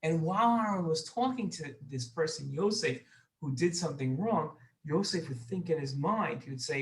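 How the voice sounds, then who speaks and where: A children's Torah teacher telling a lesson story, gentle and repeating words for emphasis. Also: mid-range voice, expressive, moderate pace, poor audio.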